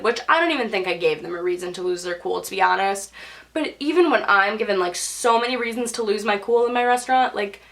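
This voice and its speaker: A woman's voice: mid-range voice, a bit bright. A young woman telling a personal story to camera in a chatty vlog style, filling her sentences with "like" and acting out what people said. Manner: chatty, lots of "like", quotes people in put-on voices. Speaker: vlogger.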